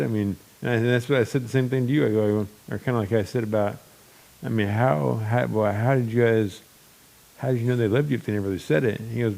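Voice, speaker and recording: A man's voice: medium pitch, fairly even intonation, fast talker, vocal fry, darkish tone. A young man hosting a podcast, talking in a rambling, blunt and open way with many restarts. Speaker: podcast host. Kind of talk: casual chat.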